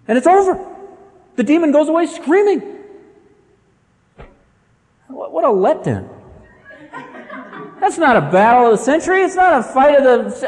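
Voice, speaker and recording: A man preaching a sermon in an animated, dramatic storytelling manner. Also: very high voice, measured pace, pauses often, in a large hall. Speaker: pastor.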